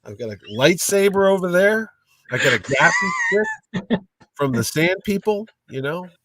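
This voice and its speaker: Animated joking man, distant mic. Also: sits high, measured pace, no echo. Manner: animated, jokey storyteller. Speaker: guest, comic con owner. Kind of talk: casual storytelling interview.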